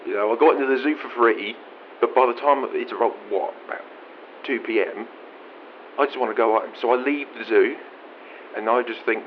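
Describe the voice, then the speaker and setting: Rambling, profane Australian bloke. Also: male voice, mid-range voice, moderate pace, slight background noise. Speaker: radio caller. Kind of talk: comic storytelling monologue. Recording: dull lo-fi audio.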